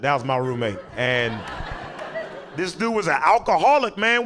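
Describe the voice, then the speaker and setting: A young man doing animated stand-up storytelling, acting out the characters and laughing as he goes. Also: fairly high pitch, normal speed, noisy background. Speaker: stand-up comedian.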